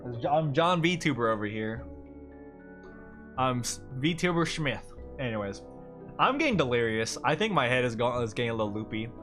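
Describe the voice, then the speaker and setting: A chatty male streamer rambles through casual livestream talk and laughs often. His voice is bright and forward. Soft guitar music plays faintly behind him. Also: mid-range voice, lively intonation, normal speed.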